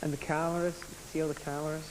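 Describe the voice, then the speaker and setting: A man's voice: a little high, flat delivery, very fast, a little hiss or hum, poor audio. A man bantering casually with a friend, teasing and laughing as he goes.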